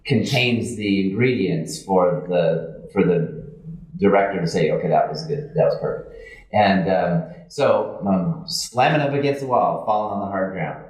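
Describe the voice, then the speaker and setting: A man telling lively stories as a guest on a convention panel, acting out the lines of the people he quotes. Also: sits low, a little slow. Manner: animated anecdotes, acts out quotes. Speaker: guest, suit performer. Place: convention hall room. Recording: echoey convention room.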